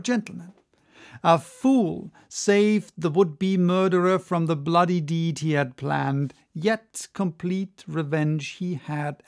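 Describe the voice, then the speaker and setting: Slow, gravelly audiobook reader. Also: mid-range voice, darkish tone, no echo, studio quality. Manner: measured, dramatic storytelling. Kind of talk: audiobook reading.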